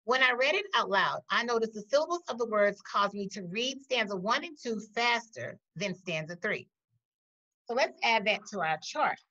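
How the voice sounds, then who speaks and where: A woman teacher giving a recorded poetry lesson, talking slowly and deliberately and pausing to question the class. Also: a little high, expressive, sharp tone. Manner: slow, deliberate, with pauses. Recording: dull lo-fi audio.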